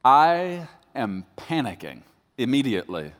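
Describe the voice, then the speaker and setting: A man's voice: medium pitch, unhurried. Storytelling male pastor in echoing hall. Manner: storytelling, animated and joking. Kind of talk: sermon. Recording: long hall reverb.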